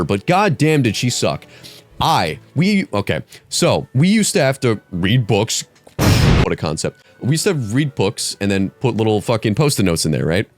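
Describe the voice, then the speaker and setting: Swearing, theatrical young man ranting. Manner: profane and theatrical, voice jumps very high when excited. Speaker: comedy YouTuber. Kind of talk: mock-grading an essay, comedic rant.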